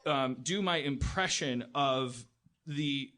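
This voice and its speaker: A man's voice: medium pitch, slow pace, background noise. A man hosting a podcast, telling a comic story in a profane, self-deprecating way with lots of stammering restarts. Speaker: podcast host.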